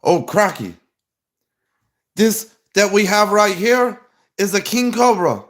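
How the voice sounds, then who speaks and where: A man's voice: sits high, big pitch swings, takes it slowly, voice pushed up, heavily acted. A man voicing a showy adult male wildlife handler presenting a snake, with an exaggerated showman delivery.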